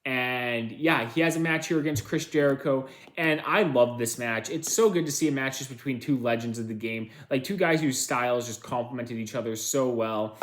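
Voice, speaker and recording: Male reviewer, mid pitch, casual rambling recap, lots of fillers. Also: a bit bright. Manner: rambling, filler-heavy, self-correcting. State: tired, yawning. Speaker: wrestling reviewer.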